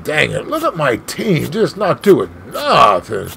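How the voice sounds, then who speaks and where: A man giving live play-by-play of his own video game as a channel host, swinging between shouts and dejected muttering. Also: on the high side, huge pitch swings, takes it slowly, vocal fry, husky. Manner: mild swearing, "freaking" and "dang it" catchphrases.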